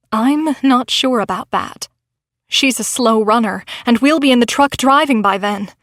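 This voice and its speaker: A woman's voice: fairly high pitch, moderate pace, fairly bright tone, no room sound, clean studio sound. Woman reading a tense novel aloud. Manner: dramatic, tense storytelling. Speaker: audiobook narrator. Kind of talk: first-person novel reading.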